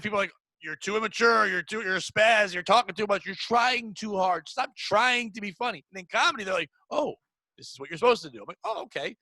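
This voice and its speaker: A man's voice: high-pitched, bright, forceful tone, no echo, low-quality recording. A middle-aged man hosting a podcast, venting bluntly and profanely in casual chat. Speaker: podcast host. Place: home room.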